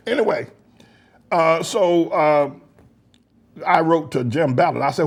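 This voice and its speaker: Gravelly, animated male preacher. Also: measured pace, long pauses. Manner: mocking, laughing, swings between booming highs and low mutters. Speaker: pastor. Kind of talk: preacher's commentary reading online comments.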